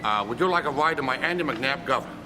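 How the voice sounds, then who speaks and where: A man's voice: mid-range voice, animated, quick pace, big-room sound, background noise, close to an everyday voice. A man playing a vain, argumentative male American film star who keeps objecting to his lines. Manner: self-important, argumentative.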